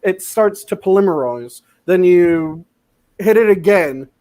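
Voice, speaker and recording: A man hosting a casual cooking chat over a video call, explaining techniques in a relaxed, profane way. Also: high voice, unhurried.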